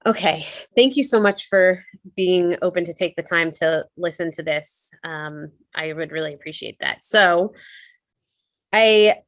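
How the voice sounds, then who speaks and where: A woman's voice: deep voice, vocal fry, a bit bright, dry recording. A woman sharing a personal reflection in an earnest, conversational way, with many fillers.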